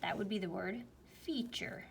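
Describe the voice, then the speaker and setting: A woman teacher walks students through a spelling worksheet slowly and patiently, explaining each answer step by step. Her voice sits at a middle pitch for a woman. A faint hiss of background noise runs under the recording. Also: gravelly. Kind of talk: spelling lesson walkthrough.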